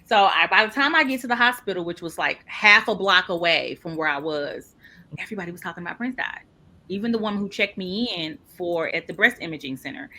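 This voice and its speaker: A woman telling a personal story in an interview, lively and expressive, acting out the people she quotes. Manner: animated, acts out quoted people with big pitch jumps. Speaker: podcast guest.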